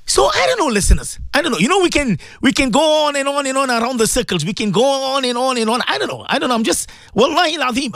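A middle-aged man hosting a radio advice talk, preaching with lots of repetition and swinging between loud urging and soft pleading. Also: high-pitched, no echo. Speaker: radio host and Islamic counselor.

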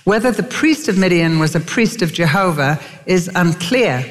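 A woman's voice: on the low side, lively intonation, normal speed. A woman preacher telling stories in a sermon, emphatic, with sudden lifts in her voice. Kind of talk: sermon storytelling. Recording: long reverb of a large hall.

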